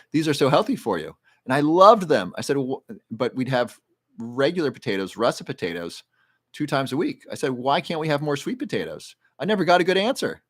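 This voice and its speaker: Rambling, low-voiced man hosting a livestream. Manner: rambling, conversational, reads viewer comments aloud; explains health research plainly. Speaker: livestream host answering viewer questions. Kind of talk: casual livestream Q&A.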